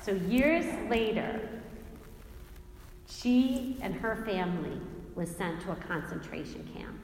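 Animated woman telling faith stories, echoey hall. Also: mid-range voice, slow pace, a little hiss or hum. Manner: animated storyteller who acts out quotes and laughs often. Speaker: Christian speaker. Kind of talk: faith talk with personal storytelling. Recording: echoey hall with long reverb, faint ambience.

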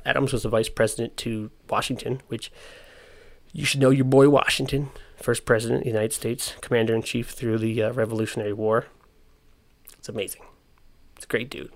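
A man's voice: mid-range voice, creaky. A young man casually explaining history, with slangy, joking asides. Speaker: history presenter.

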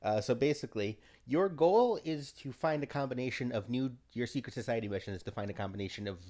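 A man running a tabletop role-playing game on a podcast, dry and deadpan, reading out rules and missions. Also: medium pitch, fast talker. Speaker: game master.

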